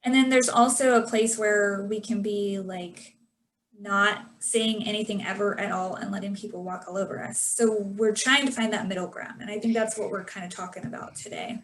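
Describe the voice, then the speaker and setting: A woman co-hosts a faith podcast and speaks in an earnest, thoughtful way. Her voice sits at a middle pitch. A faint noise runs under the recording. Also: fairly even intonation, moderate pace, rough recording. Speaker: podcast co-host. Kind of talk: casual faith podcast chat.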